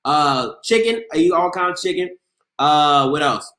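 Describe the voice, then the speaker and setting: A man with a bright, forceful, slightly high voice hosts a casual sports chat, full of animated, teasing banter. His voice bounces around an echoey room. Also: moderate pace. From Maryland. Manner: animated, playful, argumentative banter. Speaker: sports show host reading chat. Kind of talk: casual live-stream chat.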